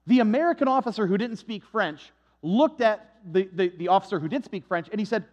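A male preacher with a high, light voice, reading scripture and then drifting into a chatty, rambling anecdote. The recording is dull and lo-fi. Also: animated, brisk. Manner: conversational storytelling with frequent restarts. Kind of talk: sermon with Bible reading and personal story.

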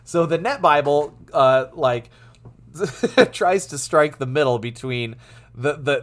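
A man teaching through a Bible passage in a lively way, laughing often and restarting his words. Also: on the high side, moderate pace.

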